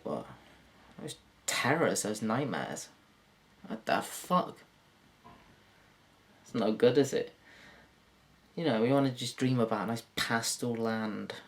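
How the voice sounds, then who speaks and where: A man doing a rambling, crude, self-mocking stand-up monologue to camera, jumping into silly high put-on voices. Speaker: comedian.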